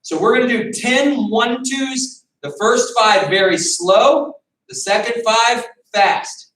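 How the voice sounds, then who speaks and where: A man's voice: very high-pitched, takes it slowly, a bit bright. A man teaching a beginner boxing class over a video call, calling out counts and commands as he coaches. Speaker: martial arts instructor. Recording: echoey room, distant mic.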